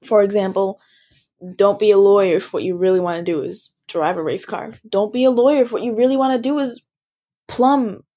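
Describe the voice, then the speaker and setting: A woman's voice: mid-range voice, brisk, dark tone. A teenage woman being interviewed, talking casually and frankly. She is emphatic, full of fillers, and sounds plainly young. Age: teens. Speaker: interview guest.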